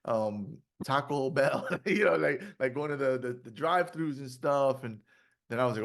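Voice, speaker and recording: This is a man hosting a casual podcast interview, with a voice of middling pitch. He talks in a laid-back way and drops in everyday slang. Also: moderate pace, gravelly. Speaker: podcast host.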